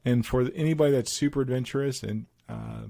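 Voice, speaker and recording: Man, podcast co-host, casual chat, mid pitch, laughs through stories. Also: brisk, creaky. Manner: laughs through his stories, animated retelling.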